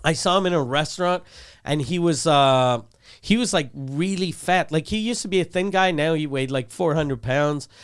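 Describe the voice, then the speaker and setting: A man's voice: a little high, moderate pace, smooth. A middle-aged man, telling a story in a rambling, profane way full of restarts. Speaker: comedian and podcast co-host. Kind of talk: casual storytelling chat.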